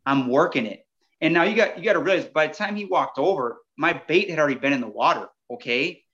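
A man with a slightly high voice tells a story as a podcast guest, animated and chatty. He keeps turning to the listeners directly. The audio sounds dull and lo-fi. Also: quick pace. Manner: animated, addresses listeners as "you guys". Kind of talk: casual storytelling.

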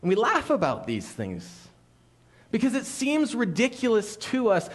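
A man preaching to a church congregation, telling a story with playful asides and quick shifts between joking and earnest appeal. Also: high voice, wildly swooping pitch. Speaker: pastor. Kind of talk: sermon. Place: church sanctuary.

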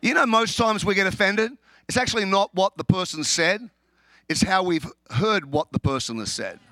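High, bright-voiced Australian preacher. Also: male voice, moderate pace, dry recording. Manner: animated storytelling, laughs often, stumbles and repeats words. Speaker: pastor. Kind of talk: humorous sermon.

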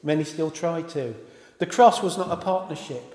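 A man's voice: on the high side, normal speed, a little mellow. A man preaching a sermon in an informal way, often stopping to correct himself and apologise. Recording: echoey hall with long reverb.

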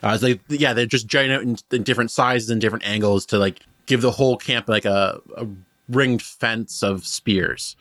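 A man narrates as game master, piling up details in a loose, rambling way. His voice sits at a middle pitch. The recording is dry and close with no room sound. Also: fairly even intonation, normal speed, a bit bright, dry recording. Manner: rambling, filler-heavy description.

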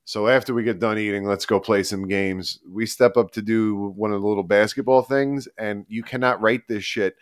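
A man co-hosting a podcast, telling a long story in a rambling, animated, casual way with frequent laughs. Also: on the low side, normal speed, few pauses, clear, resonant tone, no echo, studio quality. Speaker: podcast co-host.

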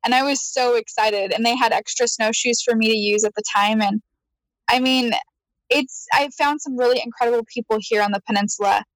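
A woman telling a story in casual chat, animated, laughing often and acting out her own quotes. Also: a little high, fairly quick, dry recording, rough recording. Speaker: guest.

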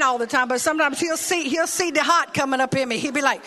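A middle-aged woman pastor with a high-sitting voice and quick pace preaches in a church sanctuary. Her sermon is animated, conversational storytelling that builds to bold, rising declarations.

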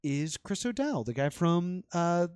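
A man's voice: sits high, sing-song, measured pace, a little mellow, clear, resonant tone, no echo. A young man casually chatting about movies as a podcast co-host, acting out his own reactions.

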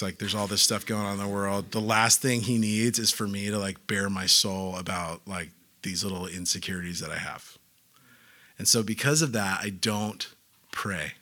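A young pastor preaching in a casual, joking way, acting out little voices to make his points. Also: on the low side. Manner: animated, joking, acts out voices. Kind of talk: sermon.

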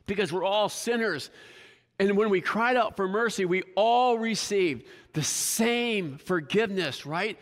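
Pastor with a high voice in a reverberant hall. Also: male voice, a little slow. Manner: conversational, keeps asking the congregation "right?"; self-deprecating humor. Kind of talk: sermon.

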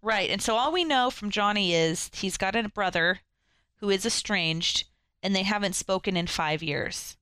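Bright clear woman chatting about a movie, dry close sound, lively retelling. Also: mid-range voice, moderate pace, no room sound. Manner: animated storytelling retelling plot. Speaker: podcast co-host. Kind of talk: casual film discussion.

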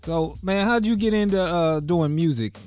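A man interviewing a guest in a casual chat who asks curious, relaxed questions. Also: on the high side, moderate pace, soft background music.

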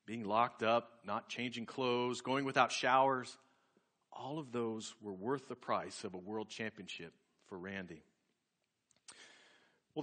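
Guy preaching, tells his story earnest and slow, bright voice. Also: medium pitch. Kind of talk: sermon storytelling.

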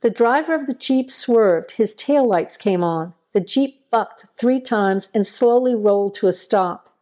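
Woman narrator for a horror story, mellow and warm, measured delivery. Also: mid-range voice.

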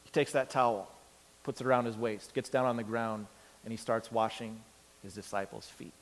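A man preaching a sermon, telling the story with lively acted-out voices and big swings from loud to quiet. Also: mid-range voice, moderate pace, big-room sound. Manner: animated storytelling, acts out characters with big swings in loudness. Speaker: pastor.

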